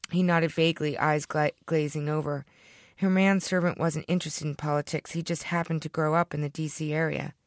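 A woman reading her own short story aloud in a deadpan storytelling manner, close to the microphone. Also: deep voice, normal speed, dry recording. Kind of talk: fiction reading.

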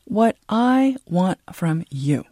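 Woman doing a furious middle-aged father, volatile, yelling and muttering, dry audiobook read. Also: low-pitched, a little slow, husky, dry recording. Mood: bewildered. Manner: shouting in bursts of rage, then bitter muttering.

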